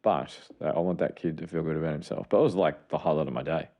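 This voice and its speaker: Deep gravelly man. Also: fast, phone-quality sound. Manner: earnest, explanatory, enthusiastic. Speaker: podcast co-host, clinician. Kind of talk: casual chat.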